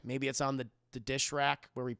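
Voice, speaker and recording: A man's voice: medium pitch, level tone, moderate pace, creaky, a bit bright, smooth, dry recording, studio quality, voice pushed down. A man doing a stammering, frightened teen girl. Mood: nervous denial. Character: frightened teenage Puritan daughter, meek.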